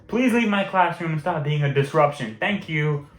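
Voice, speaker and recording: A woman's voice: deep voice, animated, moderate pace. A young man putting on the voice of a strict old female French teacher, prim and scolding. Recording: roomy echo, faint music behind.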